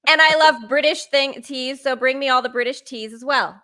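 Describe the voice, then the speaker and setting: Female co-host from the US, bubbly and eager, stumbles over words, bright and forceful tone. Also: sits high, moderate pace. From United States. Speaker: guest co-host. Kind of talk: casual chat.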